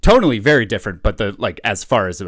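A man with a fairly low voice talks through a film in a casual chat, blunt and quick to swear. He often laughs mid-sentence. The sound is dry and close, with no room around it. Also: sing-song, no echo. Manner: blunt, profane, laughs while talking. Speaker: podcast co-host.

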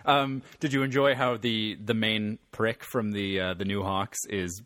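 A man's voice: on the low side, level tone, a little slow, fairly bright tone, dry recording. A man co-hosting a casual movie podcast, chatty and laughing, with lots of fillers and restarts. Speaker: podcast co-host.

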